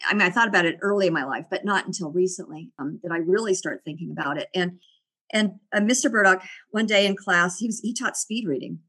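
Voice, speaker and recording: Talking fast in a lowish, fairly bright, breathy voice, a middle-aged woman recounts personal stories as an interview guest. Her tone is reflective and she laughs often in the easygoing conversation.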